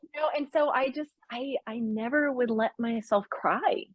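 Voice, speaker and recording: A middle-aged woman coach talking openly in a casual conversation, animated and emotional, laughing often as she tells stories. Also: a little high, normal speed, dry recording, lo-fi sound. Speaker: business coach.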